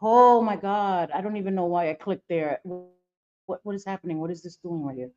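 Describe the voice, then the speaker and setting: A woman's voice: lowish voice, fairly quick, mellow, dull audio, soft background music. A woman hosting a livestream, ranting angrily and repeating herself while reading viewer comments. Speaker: livestream host.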